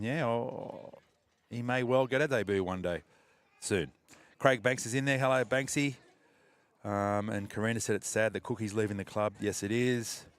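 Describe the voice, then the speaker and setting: A middle-aged Australian man hosts a casual live stream outdoors, chatting and reading out viewer comments as he goes. His voice sits fairly low, and his talk is loose and rambling, with plenty of restarts. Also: clear, resonant tone, no room sound. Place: outdoors at a training ground.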